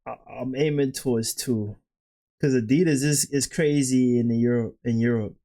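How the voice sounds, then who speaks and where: Mid-voiced guy thinking out loud, keeps hedging his guess. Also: mid-range voice, steady tone, normal speed. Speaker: reaction panelist. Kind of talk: casual reaction chat.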